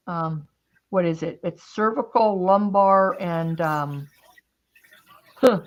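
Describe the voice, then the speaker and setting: A woman's voice: lowish voice, takes it slowly, muffled recording. A woman hosting a casual craft-and-chat stream, telling a long story in a rambling way with many restarts. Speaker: host.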